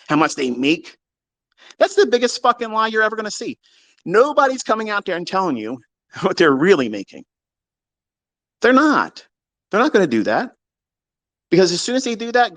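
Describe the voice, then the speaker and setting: Profane, taunting man with a dry sound. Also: no room sound. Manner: swings between loud outbursts and low mutters. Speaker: trading educator hosting a live audio room. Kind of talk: heated casual rant.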